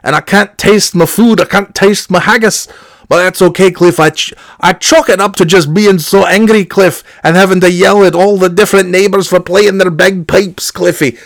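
A man's voice: high voice, fairly even intonation, moderate pace, no echo. A man voicing a crude, angry old Scottish uncle leaving a rambling voicemail, in a put-on Scottish accent, repeating the nephew's name over and over. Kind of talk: comedy podcast bit.

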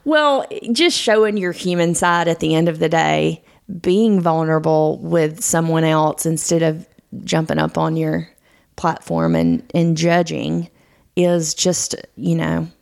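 A woman co-hosting a podcast in casual conversation, thoughtfully talking ideas through and laughing softly now and then. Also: sits low, expressive, a little slow, vocal fry, clear, resonant tone. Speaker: podcast co-host. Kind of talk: casual chat.

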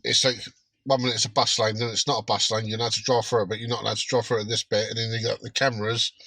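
Bright, husky man chatting. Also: fairly low pitch, level tone, rapid-fire, dry recording. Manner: laid-back, chuckling banter. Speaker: podcast co-host. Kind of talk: casual chat.

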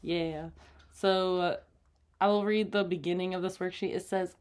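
A woman's voice: lowish voice, steady tone, normal speed, a little mellow. A woman co-hosting a casual couple's podcast, chatty and giggly with lots of fillers. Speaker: podcast co-host.

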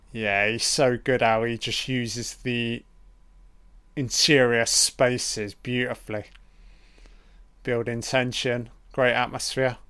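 A man giving a crude, profane, excitable running commentary on a film, calling the characters love and baby. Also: medium pitch, smooth.

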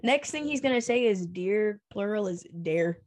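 A woman's voice: medium pitch, expressive, normal speed, darkish tone, slight background noise. A woman cohosting a podcast, chatting casually in a playful, giggly, self-mocking way. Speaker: podcast co-host. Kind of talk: casual chat.

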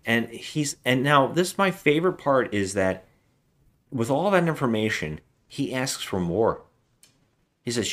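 A man's voice: mid-range voice, sing-song, measured pace. A man co-hosting a casual movie review chat, retelling the plot at length and acting out the characters' lines. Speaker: podcast co-host.

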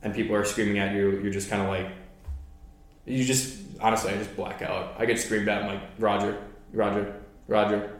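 A man's voice: on the low side, little pitch movement, brisk. Casual swearing young man, echoey room. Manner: casual, swears a lot, lots of "like" fillers. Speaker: podcast host. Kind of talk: casual podcast storytelling.

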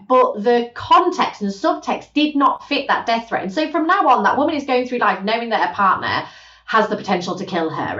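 A woman, a guest on a podcast, talking in a lively conversational way and acting out quoted voices. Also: fairly high pitch. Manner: animated, acts out quoted voices. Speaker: podcast guest, gender justice specialist. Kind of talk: conversational interview. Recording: roomy, distant, dull podcast audio.

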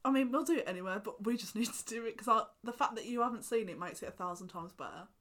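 Animated young woman, higher voice. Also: fast talker. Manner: animated, laughing, swears casually. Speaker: podcast co-host. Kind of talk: casual chat.

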